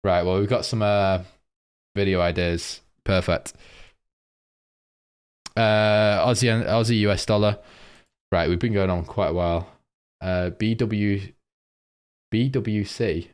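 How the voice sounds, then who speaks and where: A man's voice: fairly low pitch, steady tone, takes it slowly, long pauses, clean tone. A young man, casually going over forex charts on a live stream and reading out viewer comments.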